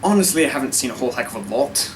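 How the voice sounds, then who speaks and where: A man's voice: medium pitch, sing-song, very fast, distant mic, slight background noise, low-quality recording. A man talking casually to camera in a vlog, giving his opinions in a wry, rambling way and often interrupting himself. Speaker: vlogger.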